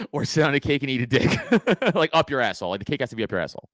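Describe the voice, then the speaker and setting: A man's voice: mid-range voice, very animated, fast talker, fairly bright tone, no room sound. A man co-hosting a comedy podcast, posing crude questions with a mischievous, giggly delivery.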